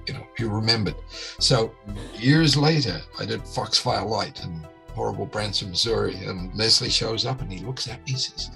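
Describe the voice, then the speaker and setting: A man with a gravelly, fry-edged voice tells a story with plenty of animation. He jumps into quoted voices of the people in it and keeps the telling casual, with faint music underneath. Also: fairly low pitch, normal speed, sharp tone. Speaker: guest, former key grip.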